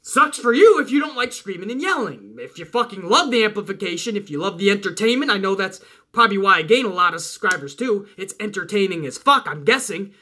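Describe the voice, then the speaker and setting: Loud, yelling man ranting about wrestling. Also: sits high, animated, fairly quick. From Italian-American household. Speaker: wrestling channel host. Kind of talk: casual rant to viewers.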